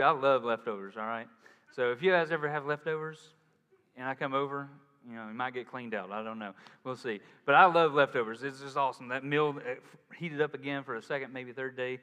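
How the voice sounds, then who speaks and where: Animated male pastor preaching in a reverberant hall. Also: medium pitch, smooth. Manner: casual, animated preaching with acted-out quotes. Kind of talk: sermon.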